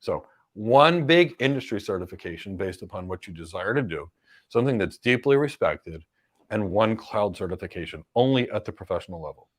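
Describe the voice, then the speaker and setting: This cloud career coach, a middle-aged man with an American accent, runs a live Q&A in a fairly low, expressive voice at a slightly quick pace. His advice comes across emphatic, packed with rhetorical questions, and he keeps hammering the main points home.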